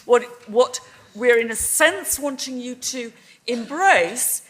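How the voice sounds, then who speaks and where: A woman's voice: fairly high pitch, animated, takes it slowly. A middle-aged woman making a persuasive debate speech in a wry, conversational way. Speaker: debate speaker.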